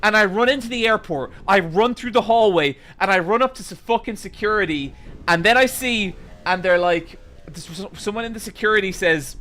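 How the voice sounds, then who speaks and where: High, bright-voiced man telling a profane story. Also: normal speed. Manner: rambling, profane, exasperated. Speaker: streamer. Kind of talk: casual storytelling to stream chat.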